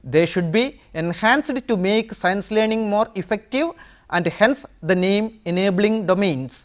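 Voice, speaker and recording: Female lecturer, mid-pitched, measured, listing points one by one; slightly muffled lo-fi audio. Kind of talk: educational lecture.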